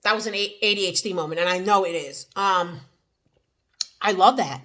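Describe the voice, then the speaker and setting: A vlogger with a New Jersey accent chats casually to the camera in an eat-and-chat video, rambling with many fillers and restarts. Her mid-range voice is a bit bright and moves at normal speed.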